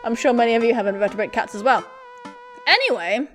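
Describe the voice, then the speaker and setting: A young woman gaming YouTuber playing a dating game at home, reading the text aloud with giggly, playful commentary and sudden loud squeals. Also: on the high side, expressive, quick pace, soft background music. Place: home room with a pet cat. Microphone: desk mic with face cam.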